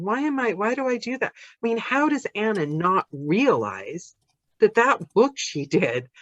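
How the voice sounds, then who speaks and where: An American woman, an audiobook narrator, chatting casually on a podcast in an animated, rambling, self-deprecating way. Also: medium pitch, no echo, dull audio. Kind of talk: casual chat.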